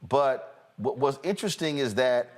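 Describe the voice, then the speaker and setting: Guy hosting a political talk show, mocking and animated, keeps trying to play clips. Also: mid-range voice, normal speed. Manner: animated, mocking, talks while fumbling with playback. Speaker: host. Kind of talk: casual political commentary.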